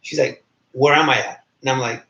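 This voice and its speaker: A man's voice: fairly even intonation, moderate pace, sharp tone. A man in his thirties telling a story in casual podcast chat, acting out the quoted voices as he goes. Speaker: podcast co-host. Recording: roomy, dull low-fi sound.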